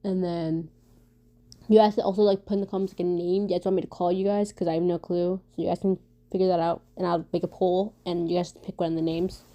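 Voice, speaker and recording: A woman vlogging casually for her viewers, talking fast and stumbling over her words, with lots of fillers and restarts. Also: lowish voice. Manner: fast talker who stumbles and stutters; many fillers and restarts, animated storytelling. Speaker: vlogger answering viewer questions. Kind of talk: casual rambling chat.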